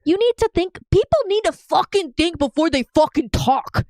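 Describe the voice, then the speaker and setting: A woman's voice: very high voice, lively intonation, normal speed, darkish tone, dry recording. A woman co-hosting a podcast in casual chat, ranting heatedly and swearing a lot. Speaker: podcast co-host.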